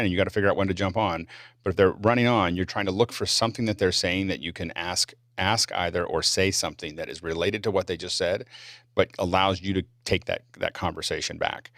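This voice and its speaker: A man hosting a casual panel discussion over a video call, talking quickly and often restarting his sentences. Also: deep voice, fairly bright tone, no room sound, studio quality. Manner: rapid, with frequent restarts. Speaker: show host.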